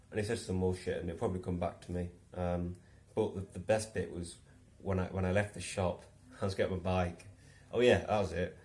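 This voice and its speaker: A man's voice: low voice, darkish tone. A young man casually telling a story in a rambling way, with many restarts and chuckles, then musing reflectively. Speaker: vlogger.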